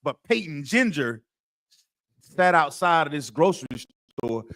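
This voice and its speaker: In an unhurried, very animated delivery, a class teacher with a fairly high, fairly bright voice runs a scripture lesson. He quizzes students in call-and-response style and repeats himself for emphasis.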